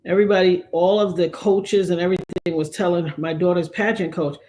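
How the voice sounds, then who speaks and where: A middle-aged woman hosting a livestream, chatting casually and telling animated stories while acting out the voices she quotes. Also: lowish voice, fairly quick. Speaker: livestream host. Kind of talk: casual storytelling chat.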